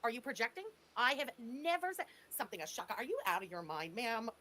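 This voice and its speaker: A woman's voice: a little high, big pitch swings, quick pace, bright, forceful tone. A woman giving blunt, sarcastic reaction commentary, scolding the person on a clip. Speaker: stream commentator.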